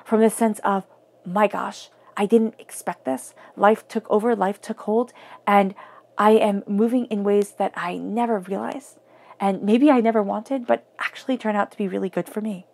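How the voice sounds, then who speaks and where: A woman giving an earnest tarot reading, often dropping her voice to a soft near-whisper for emphasis. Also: mid-range voice, normal speed, vocal fry. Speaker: tarot reader.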